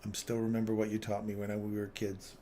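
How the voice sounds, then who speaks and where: Chatty low-voiced man hosting a trading stream. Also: completely flat delivery, quick pace, warm tone, slight background noise. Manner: rambling, chatty anecdotes with frequent chuckles; talks through chart analysis thinking aloud. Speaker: live trading stream host. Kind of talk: casual live-stream chat and trading commentary.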